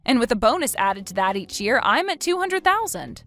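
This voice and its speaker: Brief: woman narrator, slightly high, very animated, firm scripted story reading. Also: moderate pace, hardly any pauses.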